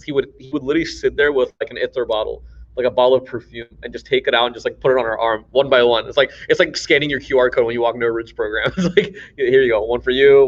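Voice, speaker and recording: A young man giving a casual, animated religious talk to teenagers, often laughing and acting out the people in his stories. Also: medium pitch. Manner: animated, laughing, acts out quoted voices. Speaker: youth teacher. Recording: dull lo-fi audio.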